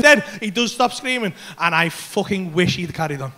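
A male comedian telling a wild story on a club stage, animated and full of swearing. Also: high-pitched, fast, few pauses, raised voice, a little hiss or hum. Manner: animated, swears constantly, acts out voices and screams. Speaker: stand-up comedian. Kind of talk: stand-up storytelling.

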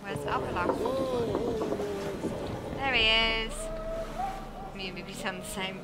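A woman's voice: medium pitch, steady tone, slow, heavy background noise. A woman with an English accent chatting casually with viewers while she plays, laughing often and swearing freely. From England. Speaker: game streamer. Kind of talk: casual live-stream chat. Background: game music.

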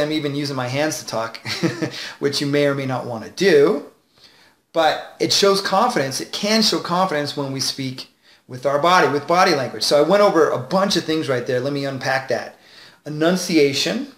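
A man as a confidence coach, giving advice straight to camera with clear enunciation, shifting tonality and deliberate pauses. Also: fairly high pitch, fairly bright tone, echoey room. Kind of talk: direct-to-camera advice video.

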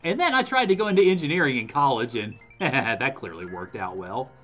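Young man, game streamer, animated and rambling. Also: brisk, lo-fi sound, faint music behind. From Alabama. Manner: rambling, self-correcting, pitch swinging up when stressed. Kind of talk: casual stream chat.

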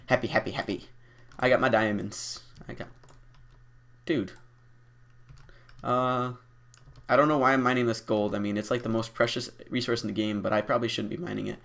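A man's voice: medium pitch, a bit bright. Guy rambling through a lets play, goofy, laughs at himself, lots of ums. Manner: rambling and self-mocking, with frequent fillers; playful and deliberately goofy. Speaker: gameplay commentator. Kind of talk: casual Let's Play commentary.

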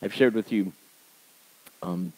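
A male pastor delivering a sermon, telling stories in a conversational way and swinging between emphatic raised passages and quiet, low asides. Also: slow, low-quality recording.

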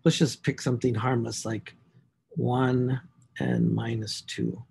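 Speaking slowly at medium pitch, with a creaky, slightly rough voice, a man teaches math in a recorded lecture. As he writes equations he talks to himself, animatedly emphasizing key words.

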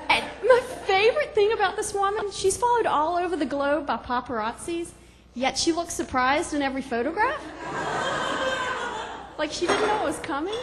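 A woman's voice: extremely high pitch, expressive, normal speed, long reverb tail. A woman from Georgia doing stand-up comedy on a club stage, bubbly and giggly, chatty with the crowd.

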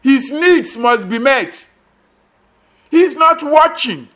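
A man's voice: very high-pitched, animated, slow, fairly bright tone. A man preaching a sermon as pastor, emphatic and repetitive, with sudden bursts and drops.

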